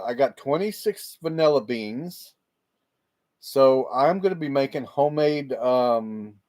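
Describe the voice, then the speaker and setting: A man's voice: mid-range voice, a little mellow. Guy on a laptop mic, rambly live chat with viewers, laughs a lot. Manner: rambling, chatty, laughs often. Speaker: livestream host. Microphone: laptop microphone.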